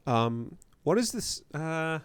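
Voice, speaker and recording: An animated man streams a game live, bouncing all over his pitch as he chats and reacts. His voice sits a little high, and the sound is close and dry. He yells and laughs freely while reading the game aloud. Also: slow, smooth, no echo. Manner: animated, loud yelling of read-out lines, laughs often. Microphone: desk mic with limiter.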